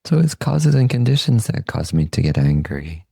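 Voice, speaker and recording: A man hosting a podcast, giving a calm, unhurried, reflective Buddhist teaching talk that trails off softly at the ends of phrases. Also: fairly low pitch, creaky, husky, no echo. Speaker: podcast host and meditation teacher.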